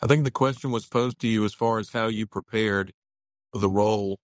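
A man's voice: lowish voice, steady tone, a little fast, dry recording, studio quality. A man co-hosting the interview as a pastor, asking long questions and restarting his phrases as he searches for words. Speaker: co-host, pastor.

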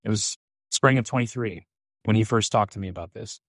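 Animated man telling a story as a guest. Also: lowish voice, brisk, dry recording, clean studio sound. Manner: animated, quotes himself, frequent "um". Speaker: actor, interview guest. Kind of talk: conversational storytelling.

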